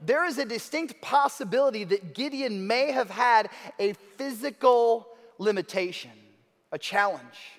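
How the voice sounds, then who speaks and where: High-voiced man preaching in a big hall. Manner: conversational, animated storytelling with acted-out quotes. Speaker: pastor. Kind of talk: sermon. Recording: long reverb of a large hall.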